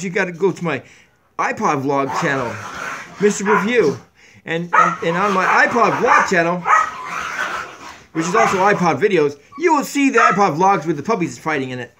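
A man in his forties with a lively, swooping voice rambles through a jokey, excitable vlog. He sits on a barstool in a home kitchen, talking into a tablet's built-in mic. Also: high voice, moderate pace, heavy background noise. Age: 40s. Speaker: vlogger. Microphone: tablet camera mic.

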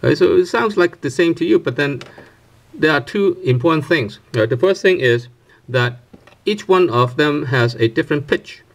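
A man giving an unscripted language lesson, explaining things step by step with many fillers and restarts, often asking "right?" and saying example syllables aloud to show each pitch. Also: animated, moderate pace, vocal fry. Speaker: language teacher.

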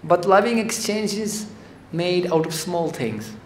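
A man's voice: high voice, measured pace. A man giving a devotional lecture in a temple hall, talking conversationally and animatedly while telling stories. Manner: conversational, animated, acts out quotes. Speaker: spiritual lecturer. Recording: echoey hall with faint noise.

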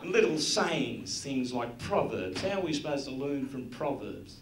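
A man with a medium-pitched, very animated voice and an Australian accent works a live crowd with crude, brash jokes, taking his time. The roomy venue recording includes the audience and a little hiss or hum.

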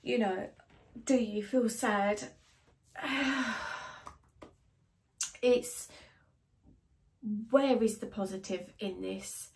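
A British woman speaks to her camera while sad and emotional. She talks in a hesitant, halting way, stopping and restarting as she searches for words. Her voice sits at a medium pitch for a woman. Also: gravelly. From Britain. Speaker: wellbeing vlogger. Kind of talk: casual emotional vlog to camera.

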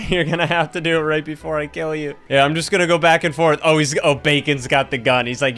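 A man giving excited Let's Play commentary, yelping and laughing as he talks to his viewers. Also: fairly high pitch, brisk, soft background music. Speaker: gaming YouTuber.

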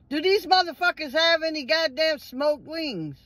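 A woman's voice: sits high, expressive, unhurried, few pauses, fairly bright tone, dry recording. A woman, telling a story vlog in a heated, profane rant and acting out the argument. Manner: profane, heated venting, acts out the exchange. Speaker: vlogger.

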